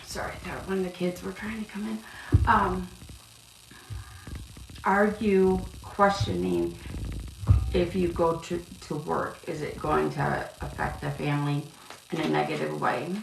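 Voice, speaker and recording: A woman reading cards on a live stream, chatting warmly with viewers and calling them love. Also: lowish voice, level tone, a little slow, gravelly, long pauses, recorded from a distance. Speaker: card reader. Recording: echoey room, off-mic, noisy.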